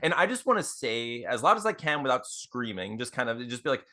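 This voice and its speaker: A man playing a tabletop game, animated and laughing as he describes his moves. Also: medium pitch, a little fast, few pauses. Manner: animated, laughs often, talks through actions. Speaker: player.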